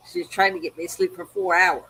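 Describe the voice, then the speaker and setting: A woman's voice: fairly low pitch, fairly even intonation, moderate pace, pushed and bright, husky, rough recording. Chatty laughing woman co-host. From Maryland. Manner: chatty storyteller, laughs often. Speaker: livestream co-host. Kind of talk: casual chat.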